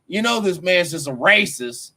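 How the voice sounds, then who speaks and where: A man ranting in raw, profane reaction commentary, his voice high and bright with big swings in pitch. The sound is close and dry, with no room around it. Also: lively intonation, moderate pace, vocal fry, no room sound. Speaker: show host.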